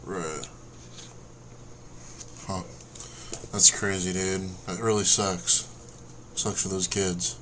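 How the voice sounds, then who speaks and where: A man's voice: deep voice, little pitch movement, slow pace, pauses often, a bit bright, a little hiss or hum. An American man hosting a podcast, reacting in a laid-back, profane way in casual chat. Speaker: podcast host.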